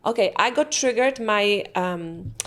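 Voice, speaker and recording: Woman coach, calm and reflective, podcast guest, medium pitch. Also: measured pace. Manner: calm, reflective, talks herself through questions. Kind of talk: podcast interview.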